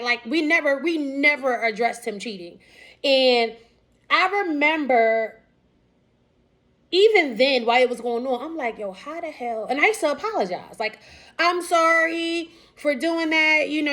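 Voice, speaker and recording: A woman in her thirties with a fairly high voice talks candidly about her own past. She is casual and unpolished, often restarting her sentences and acting out what people said. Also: fairly bright tone. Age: 30s. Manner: casual, candid, many fillers and restarts, quoting others. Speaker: vlogger sharing personal story. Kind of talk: candid personal storytelling.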